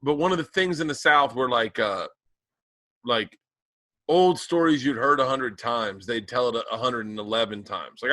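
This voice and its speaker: A man's voice: mid-range voice, sharp tone, no echo. A man who grew up in the American South, rambling through profane stories in a casual podcast chat. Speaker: podcast co-host.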